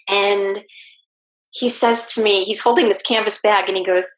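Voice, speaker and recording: A woman guest telling a personal story in an interview, lively and acting out what people said. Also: fairly high pitch, unhurried. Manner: animated, acts out quoted speech. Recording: roomy echo.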